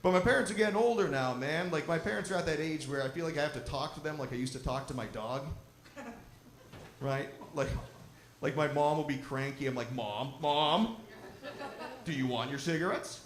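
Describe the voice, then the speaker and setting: A young man doing a stand-up comedy set, telling a profane, animated story at a live show in a lodge. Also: a little high, brisk. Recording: roomy live recording with crowd noise.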